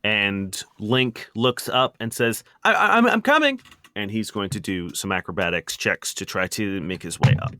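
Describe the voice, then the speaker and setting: Man, game master, bright forceful voice, lowish pitch, dry close sound, quick lively narration. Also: no room sound.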